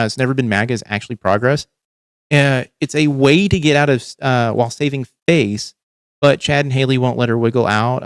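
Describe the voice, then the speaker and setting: A male livestream host with a medium-pitched, mid-range voice chats casually about politics in a dry, close recording. He swears a lot and rambles, using many fillers.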